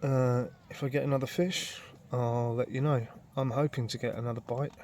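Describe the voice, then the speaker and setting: A man's voice: medium pitch, steady tone, moderate pace, a little mellow, a little hiss or hum. Swearing man vlogging outdoors. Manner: swearing, rambling, exasperated storytelling. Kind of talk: casual outdoor vlog. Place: outdoors at a lake.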